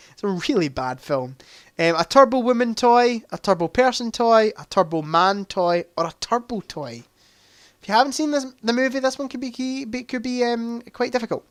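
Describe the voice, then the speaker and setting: A man's voice: a little high, a bit bright, clear, resonant tone, no room sound, studio quality. A young man hosting a casual livestream quiz, chatty, reading out answer options and adding joking asides. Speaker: livestream host.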